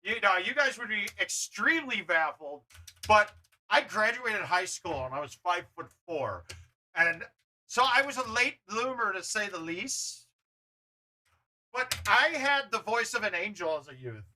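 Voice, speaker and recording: A man hosting a gaming livestream, chatting casually, loud and blunt, swearing freely. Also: high-pitched, very animated, a little slow, poor audio. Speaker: livestream host.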